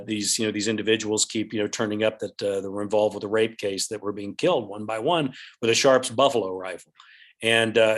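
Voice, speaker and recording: A man, an author being interviewed, telling a long anecdote in a rambling way, with "you know" and "like" all through it. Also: mid-range voice. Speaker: author and guest.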